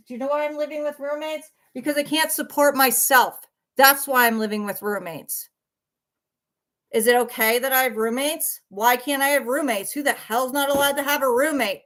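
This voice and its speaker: A woman's voice: high voice, fairly even intonation, normal speed, fairly bright tone. A worn-out woman ranting defensively on a livestream, blunt and swearing, repeating herself as she answers viewers. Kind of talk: heated livestream rant.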